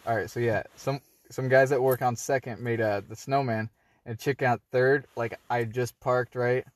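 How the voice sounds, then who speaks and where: A man's voice: medium pitch, fairly even intonation, normal speed, no room sound. A man chatting casually who rambles through a story with plenty of "uh" and "like". He acts out the people in it as he goes. His voice sits mid-range, recorded dry and close with no room sound. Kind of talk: casual chat.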